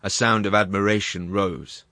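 A man narrating a classic story in a measured, grave reading. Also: lowish voice, fairly even intonation, pushed and bright, dry recording, studio quality.

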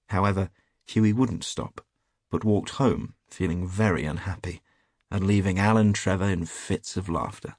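A man narrating a classic story in a measured audiobook reading. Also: deep voice, darkish tone, no room sound, studio quality.

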